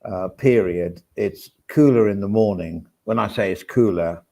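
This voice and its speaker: A man talks loosely to his viewers in a low, gravelly voice, drifting between topics. He drops wry asides and small self-mocking remarks as he goes. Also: measured pace, warm tone. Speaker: vlog host. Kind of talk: casual chat to camera. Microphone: swaps between mics.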